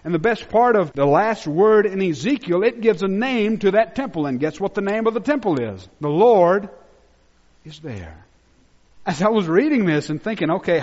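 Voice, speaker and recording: Male pastor, sermon, high-ish voice, dramatic loud-soft delivery, muffled recording. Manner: dramatic swings between loud emphatic peaks and hushed low drops. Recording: muffled sound with long reverb in a large hall.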